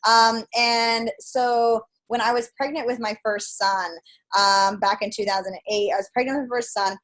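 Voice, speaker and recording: A woman in her thirties from Idaho tells her story as a podcast guest. Her voice sits a little high, and she acts out quoted lines with plenty of fillers. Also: fairly even intonation, moderate pace, fairly bright tone. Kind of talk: casual storytelling interview.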